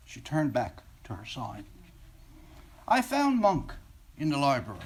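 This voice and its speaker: A man, an author, reading aloud from his own novel in a library, with expressive, wistful storytelling. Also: medium pitch, a little slow, pauses often, slightly rough.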